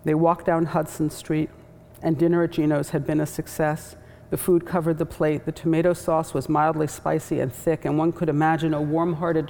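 A woman author with a measured, thoughtful delivery, reading from her novel and reflecting on it. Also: sits low, gravelly, a little mellow. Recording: echoey hall, faint background noise.

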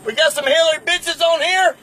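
A woman's voice: very high-pitched, brisk, pitched above the performer's own voice. Woman putting on a hollering fan. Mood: rowdy hollering. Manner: hollering, rowdy. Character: loud rowdy male Southern Trump fan. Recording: noisy.

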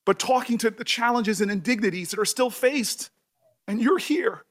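A senator speaking emotionally at a hearing, halting and repeating his words. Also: very high voice, fairly bright tone.

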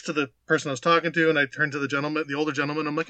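A man's voice: on the high side, very fast, hardly any pauses, no room sound. A man casually telling a funny anecdote as a podcast co-host, acting out quotes and swearing freely. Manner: animated anecdote teller, swears, acts out quotes. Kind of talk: casual chat, storytelling.

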